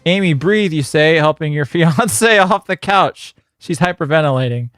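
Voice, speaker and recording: This is a male streamer reading a generated story aloud to his viewers, breaking off to chuckle and ramble. His voice sits a little high. The room sounds dry, and faint guitar music plays in the background. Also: lively intonation, a bit bright, dry recording. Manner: chuckling, rambling, reads in quick bursts.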